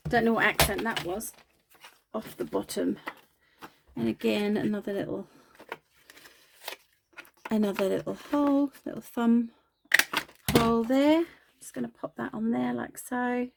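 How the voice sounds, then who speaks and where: A woman's voice: on the high side, steady tone, moderate pace, creaky, long pauses, noisy background. A woman chatting casually while crafting, self-deprecating and talking as she works. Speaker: craft video host.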